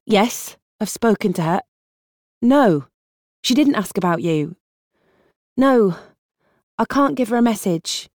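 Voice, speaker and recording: A woman reading an audiobook, voicing a harried young woman with a British accent who juggles phone calls while driving and talks in a brisk, exasperated way. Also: medium pitch, expressive, a little mellow, dry recording, studio quality, voice pushed up. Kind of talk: audiobook character voice.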